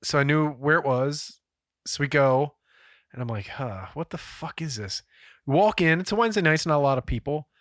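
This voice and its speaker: A man co-hosting a podcast, telling a story in a casual, profane and animated way. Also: a little high, a little fast, dry recording, clean studio sound. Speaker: podcast co-host. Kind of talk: casual chat.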